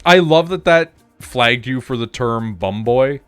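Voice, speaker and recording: A man's voice: mid-range voice, lively intonation, a little slow, fairly bright tone, clear, resonant tone, faint music behind. A man streaming a game, chatting casually in a rambling way, with frequent restarts, laughs and casual swearing. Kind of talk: casual chat while gaming.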